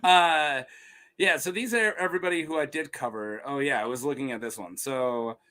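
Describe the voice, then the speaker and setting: Young man, podcast host, laughing, rambling, forceful bright tone. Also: mid-range voice, normal speed. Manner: laughs often, rambling, mimics voices. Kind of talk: casual chat.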